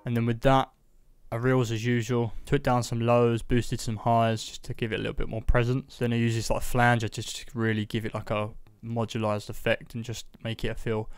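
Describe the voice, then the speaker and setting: A man narrates a beat-making tutorial in a casual, level voice that stays in a narrow pitch band. His tone is smooth and clean. He drops fillers as he moves from one layer to the next. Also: normal speed, dry recording, soft background music. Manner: casual, steady step-by-step walkthrough with frequent fillers. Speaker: beat maker explaining his production. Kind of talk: voice-over music production tutorial.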